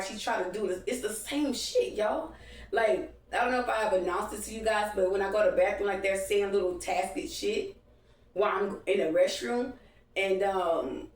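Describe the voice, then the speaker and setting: Woman vlogger, low-ish voice, loose and profane storytelling, mic a bit away in a roomy space. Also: darkish tone, far from the mic. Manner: rambling, profane, addresses viewers as y'all. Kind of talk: casual late-night storytime. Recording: echoey room, voice a bit off-mic.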